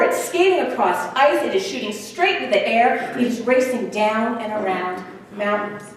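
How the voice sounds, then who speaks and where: A woman guest speaker telling a story in a sermon, animated and swinging from loud to hushed, recorded far off in an echoey theater hall. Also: medium pitch, a little hiss or hum. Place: theater hall at a church service.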